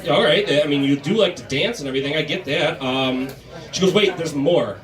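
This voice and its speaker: A young man doing stand-up, telling a long personal story in a conversational, deadpan way with many filler pauses. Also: fairly high pitch. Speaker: stand-up comedian. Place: comedy club stage before a live crowd. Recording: echoey room, mic from a distance, crowd audible.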